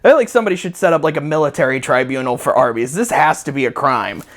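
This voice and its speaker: A man's voice: a little high, animated, fast talker. A man hosting a comedic review video from home, ranting in a sarcastic, profane, rambling way. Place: at home with a dog.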